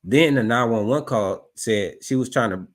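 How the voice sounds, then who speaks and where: A man's voice: medium pitch, moderate pace. A man commenting on footage, doubtful and repeating himself as he questions a story. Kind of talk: skeptical commentary.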